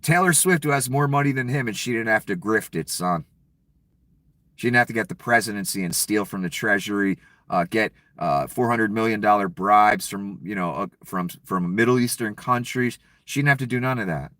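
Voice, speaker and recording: A man's voice: fairly low pitch, normal speed, fairly bright tone, dry recording. A man giving an angry, profane political rant with a sarcastic, heated delivery. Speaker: political commentator.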